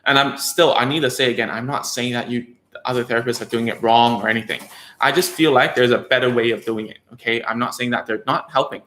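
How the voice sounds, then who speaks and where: Bright-voiced male speech therapist. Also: medium pitch, steady tone, fast, echoey room. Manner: conversational, rambling with frequent fillers and tag questions. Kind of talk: casual educational talk to parents.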